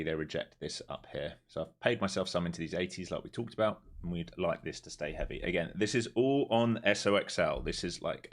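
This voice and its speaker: A man with a notably low, deep voice talks through his day trades live as the market moves. He keeps up a quick, running commentary from his trading desk. When a trade goes his way he bursts into loud, excited cheering and swearing. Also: creaky. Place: home trading desk with several monitors.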